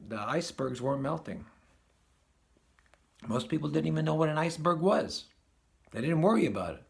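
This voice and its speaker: A man with a fairly high voice talks through a casual spiritual lesson. He circles back, repeats himself and chuckles as he makes each point. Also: gravelly. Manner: repeats and restarts phrases, chuckles at his own points. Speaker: spiritual teacher.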